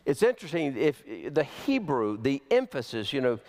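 A man preaching a sermon as pastor, slow and emphatic, with big swings in pitch. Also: big pitch swings, darkish tone. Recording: long hall reverb.

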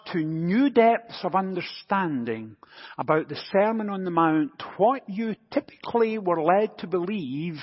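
Pastor, male, a touch high in pitch, husky, in a dull recording with a long church echo. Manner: anecdotal, gently humorous storytelling. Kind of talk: sermon.

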